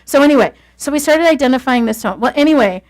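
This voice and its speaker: A woman leading a class on marriage communication, talking fast and telling stories in a lively, casual way. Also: high-pitched. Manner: fast-talking, animated storytelling.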